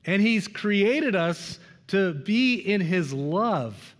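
A man preaching a sermon in an earnest way, moving from strong emphasis to hushed, quiet lines. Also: sits high, lively intonation, extremely slow. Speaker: pastor. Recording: long reverb of a large room.

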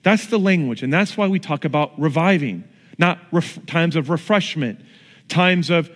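A middle-aged male pastor delivering a sermon in a high, bright-pitched voice. His storytelling is animated, leaping upward in pitch as he acts out moments. A long hall reverb trails behind his words. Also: normal speed.

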